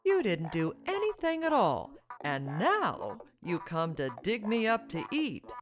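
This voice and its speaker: A woman storyteller voicing an indignant talking sweet potato that scolds slowly and emphatically. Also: mid-range voice, huge pitch swings. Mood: scolding. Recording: music bed behind.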